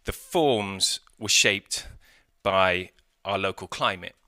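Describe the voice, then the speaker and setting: British man, middle-aged, deep and bright-toned, dry close sound; relaxed speaker who thinks aloud. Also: slow pace, dry recording. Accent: British English. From Britain. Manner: conversational, thoughtful, with frequent fillers and restarts. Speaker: city architect. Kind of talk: conference talk. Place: outdoor courtyard by historic buildings.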